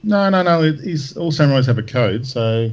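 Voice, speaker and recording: A man playing a tabletop game, asking quick, hesitant questions about the rules. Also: on the high side, expressive, muffled recording. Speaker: player. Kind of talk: casual tabletop game chat.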